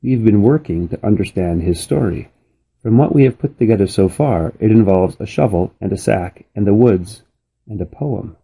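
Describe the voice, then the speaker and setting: A man voicing a formal woman doctor who speaks slowly and soothingly, a little higher than his own voice. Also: animated, vocal fry, dark tone, breathy edge, heavily acted, poor audio.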